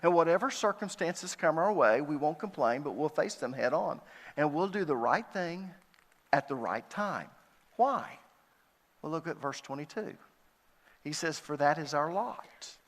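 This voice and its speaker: A man delivers a sermon as a pastor, his voice pitched a little high for a man. He reads verses with lifted emphasis and answers his own questions. The sound carries a long reverb from a large hall. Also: expressive, measured pace, fairly bright tone. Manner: preaching with rhetorical questions, rising emphasis on scripture readings.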